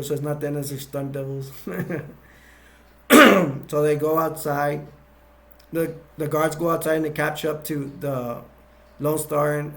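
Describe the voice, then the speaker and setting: A man with a slightly raised voice walks through a film's plot scene by scene. He rambles, restarting sentences and filling gaps with ums as he goes. It sounds like an informal retelling. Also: a little high. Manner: rambling, many restarts and fillers. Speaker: movie reviewer.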